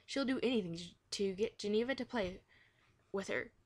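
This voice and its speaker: A woman's voice: mid-range voice, normal speed, no room sound, natural voice. A woman voicing a stubborn, jealous young schoolgirl in a children's story read aloud. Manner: earnest and stubborn.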